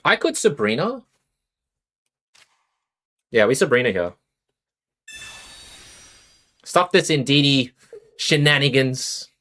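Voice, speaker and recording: Sing-song and unhurried, this young Australian's mid-range voice has a sharp tone. He provides casual live-stream commentary on a card game, talking with his viewers and reasoning through his plays out loud.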